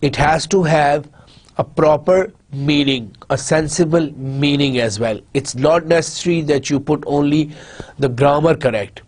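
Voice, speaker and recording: A man's voice: fairly high pitch, a little slow, darkish tone. A man with a Pakistani English accent giving a university lecture on grammar, explaining step by step and often restarting and restating his points.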